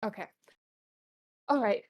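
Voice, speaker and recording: Slow, halting woman narrating as game master. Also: darkish tone. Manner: halting, full of ums and you-knows.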